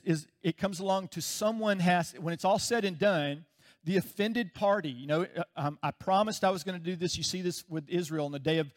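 A man preaching a sermon in a relaxed, conversational way, chuckling often and acting out everyday anecdotes. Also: a little high. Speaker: pastor.

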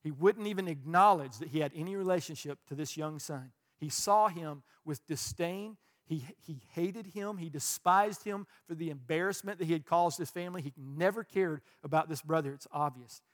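A man preaching a sermon, stressing words loudly, then dropping quiet, and repeating phrases for emphasis. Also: a little high, normal speed, hardly any pauses. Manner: emphatic, swings between loud stresses and quiet asides. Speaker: pastor.

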